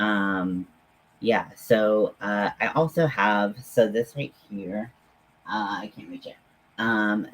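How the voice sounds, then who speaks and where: A man hosts a relaxed livestream from home and chats with viewers. He talks slowly and haltingly, with lots of ums, in a fairly low voice that stays friendly. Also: rough recording. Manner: halting, filler-heavy, friendly chatter. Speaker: livestream host. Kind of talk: casual livestream chat with viewers.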